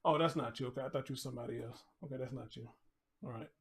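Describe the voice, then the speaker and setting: A man's voice: mid-range voice, racing, gravelly, slightly rough. A man hosting a casual livestream, blunt and laid-back, chatting in slang and reading out viewers' names. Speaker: YouTube livestream host.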